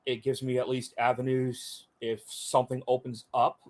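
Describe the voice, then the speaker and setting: A middle-aged man, a veteran guest in an interview, tells stories casually in a plain everyday voice that sits mid-range, flat and monotone at a normal speed. He's chatty and rambling, leans on lots of fillers, and voices other people in quotes.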